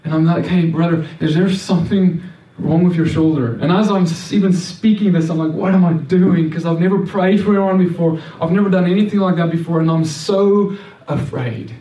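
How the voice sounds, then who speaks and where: A man's voice: high-pitched, fairly even intonation, fairly quick, few pauses, dark tone. Man sharing a faith testimony, earnest, tumbling restarts; recorded from a distance in a roomy space. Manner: earnest storytelling with frequent restarts and repeated words. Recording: roomy echo, mic at a distance.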